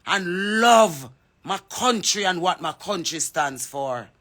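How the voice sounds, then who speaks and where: A Jamaican woman speaks in a fervent, preaching way, calling people out one by one. Her voice is bright and forceful, and she uses it to make a pressing appeal on social media. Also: fairly low pitch, expressive, slow pace. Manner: fervent, preachy, calls out names. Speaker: singer.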